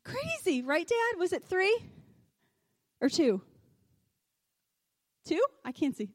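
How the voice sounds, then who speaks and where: A woman with a high, bright voice delivers an excited testimony sermon from a church stage. She tells her story with animated storytelling energy. The sound is dry and close, with little room echo. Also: slow pace. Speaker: preacher. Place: church stage under lights.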